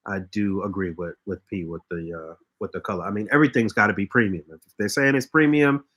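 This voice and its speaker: A man co-hosts a casual live-stream podcast, emphatic and slangy. His voice is lowish, bright and forceful. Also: quick pace, slightly rough, lo-fi sound. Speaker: podcast co-host.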